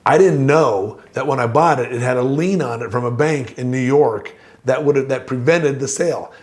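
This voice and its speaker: A middle-aged man presenting a course lesson, telling a personal story with lively acted-out dialogue. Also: medium pitch, normal speed. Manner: animated storyteller, acts out dialogue.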